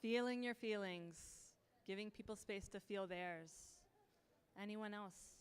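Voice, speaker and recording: A woman's voice: medium pitch, a little slow. A woman facilitating a sharing circle, speaking in a heartfelt, rhythmic way and inviting others to speak.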